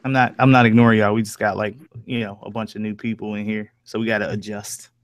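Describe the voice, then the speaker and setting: A man's voice: lowish voice, flat delivery, fast talker, no echo. A man hosting a live stream, talking in a laid-back, slangy way and laughing often over online voice chat. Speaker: stream host.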